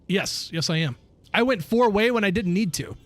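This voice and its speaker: High, lively ranting male streamer. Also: moderate pace, no room sound. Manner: animated, profane, ranting, laughs often. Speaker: game streamer. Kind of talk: casual livestream chat while gaming.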